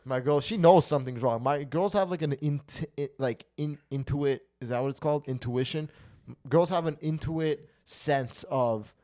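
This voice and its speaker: A man's voice: fairly high pitch, moderate pace, mellow. A man co-hosting a podcast, telling a profane, rambling, self-mocking story in casual chat. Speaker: podcast co-host.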